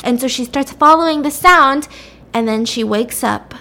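A woman's voice: high-pitched, normal speed, sharp tone. A woman casually retelling a story, chatty, with lots of "like" and "you know".

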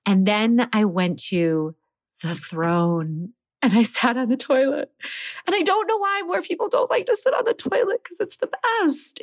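A woman in her thirties casually telling her birth story as a podcast guest, animated and laughing often. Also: lowish voice, no room sound, clean studio sound.

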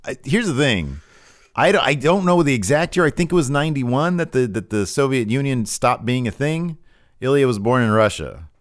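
A man's voice: mid-range voice, sing-song, moderate pace, dry recording, studio quality. A man co-hosting a wrestling podcast, recapping matches in casual chat with many restarts and fillers. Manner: rambling, frequent restarts and fillers.

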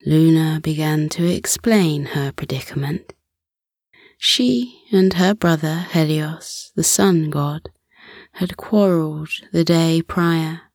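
A woman tells a children's bedtime story in a low, breathy half-whisper. She reads slowly and soothingly, close and dry against the mic. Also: darkish tone, no room sound.

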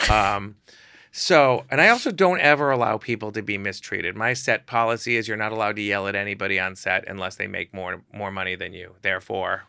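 A middle-aged man spins funny anecdotes on a podcast, jumping into the voices of the people in his stories. His voice has a gravelly, rough edge with a bright, forward tone. The sound is close and dry. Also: low-pitched, dry recording. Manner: animated storyteller acting out quoted voices. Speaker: photographer guest. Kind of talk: comic storytelling.

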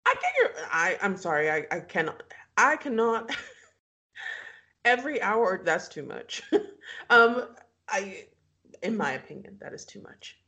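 A woman's voice: medium pitch, sing-song, a little slow, pauses often, sharp tone. A woman co-hosting a podcast, recapping a reality show in casual chat and laughing often as she acts out quotes.

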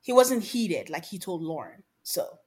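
A woman's voice: lowish voice, sing-song, unhurried, a little mellow, husky. A woman co-hosting a podcast in a casual chat, emphatic and opinionated as she argues her view. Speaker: podcast co-host.

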